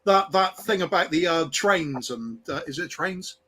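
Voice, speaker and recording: Man, high-pitched, hesitant, rambling, podcast chat. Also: expressive, measured pace, sharp tone. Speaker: podcast panelist. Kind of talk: casual chat.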